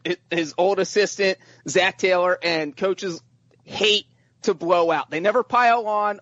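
A man co-hosting a podcast, chatting in an animated way and often repeating his first words. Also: high voice, dry recording, highs cut off. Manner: animated, repeats words when starting sentences. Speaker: podcast co-host. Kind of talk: casual sports chat.

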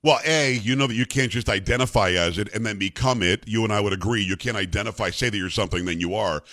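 A middle-aged man hosting a talk radio show, speaking in a brisk, emphatic, bantering way. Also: fairly low pitch, fairly bright tone.

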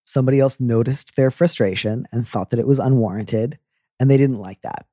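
A man hosting an advice podcast, talking in a playful, jokey way with animated asides. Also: mid-range voice, fairly quick, no room sound, clean studio sound. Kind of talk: casual advice chat.

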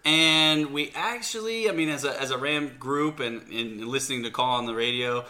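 A man co-hosting a sports podcast, telling stories in an animated, casual way. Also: medium pitch, moderate pace. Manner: animated storyteller. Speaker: podcast co-host.

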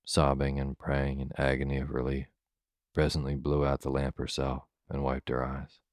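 Very deep, flat-voiced man reading a bedtime story. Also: no echo, studio quality. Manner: calm, even storybook reading for sleep. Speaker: narrator.

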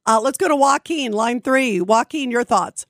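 A woman's voice: on the high side, lively intonation, normal speed, fairly bright tone, dry recording, studio quality. A woman hosting a call-in radio talk show, chatting with callers in a conversational way with plenty of fillers. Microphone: studio microphone.

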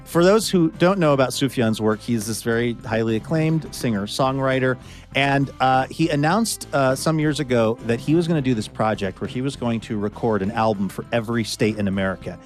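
A man's voice: medium pitch, brisk, faint music behind. A man hosting a radio show in casual chat, friendly and conversational as he guides the segment.

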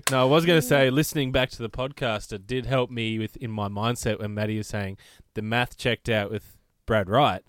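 A man co-hosting a podcast in casual chat, measured with dry jokes. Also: mid-range voice, fairly even intonation, smooth, no room sound. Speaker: podcast co-host.

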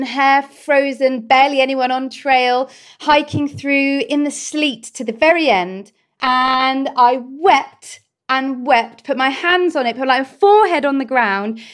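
A British woman, a guest in an interview, telling her story in a heartfelt, expressive way. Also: sits high. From Britain. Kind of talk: conversational interview.

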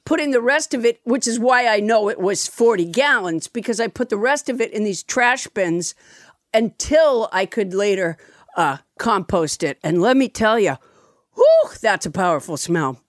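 Lively, high-voiced woman co-host. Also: moderate pace, dry recording, clean studio sound. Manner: rambling, amused storytelling. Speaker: podcast co-host. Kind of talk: casual chat.

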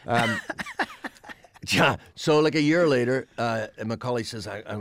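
An older man, a stand-up comedian and podcast guest, telling backstage stories in lively chat and slipping into lower, quieter voices for the people he quotes. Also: unhurried, vocal fry, noisy background. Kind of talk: storytelling anecdotes in podcast chat.

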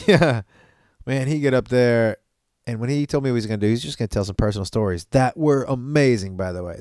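A man hosting a podcast, telling stories in a loose, profane, animated way with laughs along the way. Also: medium pitch, clear, resonant tone, no room sound, studio quality. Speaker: podcast host. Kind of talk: casual storytelling chat.

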